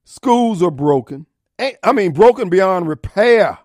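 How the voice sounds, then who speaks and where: Animated high-voiced talk radio host. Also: male voice, unhurried, no room sound, clean studio sound. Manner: combative, mocking, preachy rants. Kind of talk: opinionated talk radio monologue. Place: radio studio.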